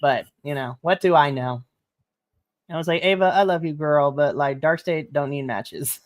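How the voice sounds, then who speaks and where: A woman's voice: sits low, moderate pace. A woman co-hosting a wrestling podcast, recapping the show in casual chat and acting out the characters' lines. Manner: animated, laughs often, acts out characters in quotes.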